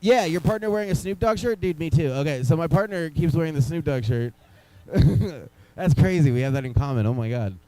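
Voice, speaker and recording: A man's voice: a little high, animated, a little fast, few pauses, warm tone, poor audio. A young man doing stand-up comedy in a small club, rambling loosely and teasing the crowd.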